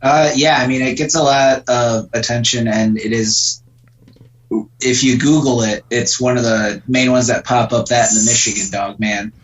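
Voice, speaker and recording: A man's voice: mid-range voice, fairly even intonation, normal speed, dull audio. A man co-hosting as a guest on a podcast, chatting in a dry, laid-back way. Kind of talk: casual podcast chat.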